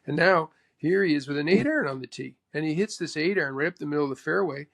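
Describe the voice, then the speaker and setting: A man from Canada, a pro golfer, telling stories in an interview in an animated way, acting out what others said. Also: on the high side, fast, gravelly. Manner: animated, acts out the other person's speech. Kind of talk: storytelling interview.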